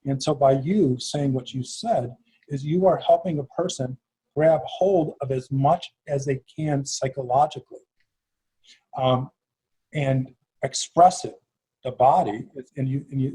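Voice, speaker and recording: A middle-aged man with a Chicago accent hosting an interview, talking in an animated way with many restarts. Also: medium pitch, breathy edge, low-quality recording. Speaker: host. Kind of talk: interview conversation.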